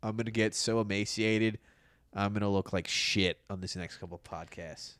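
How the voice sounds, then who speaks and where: A man's voice: on the low side, fairly even intonation, moderate pace, fairly bright tone, no echo, clean studio sound. A man co-hosting a comedy podcast, telling a crude, rambling story full of filler words while sore from broken ribs. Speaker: podcast co-host. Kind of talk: casual comedic chat.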